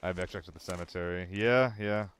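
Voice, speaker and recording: A young man chatting casually with his viewers while streaming a game, playful and quick to laugh. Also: low-pitched, background noise. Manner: playful, apologetic, laughs often.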